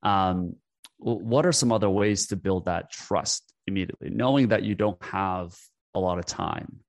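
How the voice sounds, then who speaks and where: A man's voice: low voice, moderate pace, dry recording. A man hosting an interview, summarizing the guest's points and asking follow-up questions, with some fillers. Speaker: podcast host. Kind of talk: interview conversation.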